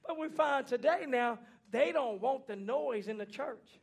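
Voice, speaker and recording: A man preaching a fiery sermon in a church, folksy and plainspoken, swinging from hushed lines to shouting. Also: very high voice, animated, a little slow, creaky, husky. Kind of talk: fiery Pentecostal-style sermon.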